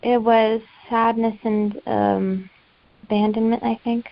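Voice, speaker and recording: A woman's voice: fairly high pitch, flat delivery, takes it slowly, vocal fry, no echo. A woman in her early twenties chatting playfully during a session, teasing and giggling as she talks. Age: early 20s. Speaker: session participant. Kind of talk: casual chat. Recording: dry, slightly muffled audio.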